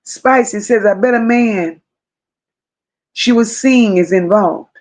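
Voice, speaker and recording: Female live-stream host, unhurried, repeats her points, addresses chat by name. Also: medium pitch, darkish tone. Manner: emphatic, repeats phrases, chats to viewers by name. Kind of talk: casual live-stream commentary.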